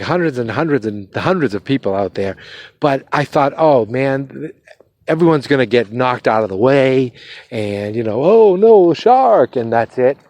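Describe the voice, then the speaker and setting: A man's voice: mid-range voice, a little mellow, no room sound. A man hosting a podcast, rambling hesitantly through a movie review while walking his dog outside in his neighborhood. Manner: rambling, hesitant, lots of fillers and restarts. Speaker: podcast host.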